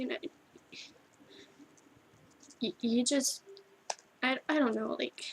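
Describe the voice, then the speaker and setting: A teenage girl recording a tearful video message to her best friend, halting and full of restarts as she cries. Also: fairly high pitch, steady tone, creaky, slight background noise, low-quality recording. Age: teens. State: crying. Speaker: vlogger.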